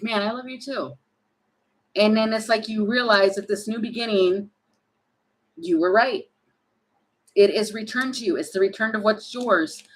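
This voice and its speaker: A woman doing a casual tarot reading, thinking aloud and animated, with many fillers and restarts. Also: medium pitch, rough recording. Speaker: tarot reader.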